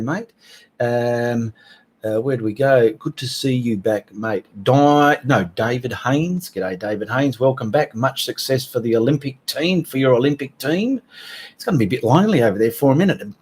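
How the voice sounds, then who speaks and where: A middle-aged Australian man hosting a casual livestream, chatting in a rambling way and greeting viewers by name. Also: mid-range voice. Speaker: livestream host.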